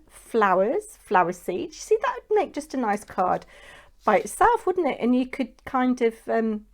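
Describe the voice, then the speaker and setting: A woman of middle pitch chats through a crafting session. She rambles, thinks aloud and keeps asking the viewer to agree with her. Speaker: papercraft channel host. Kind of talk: chatty crafting vlog.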